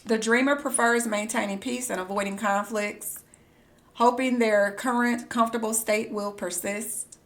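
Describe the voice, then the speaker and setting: A woman streaming a game live, reading on-screen text aloud and breaking into excited squeals. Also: medium pitch. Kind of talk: live gameplay commentary.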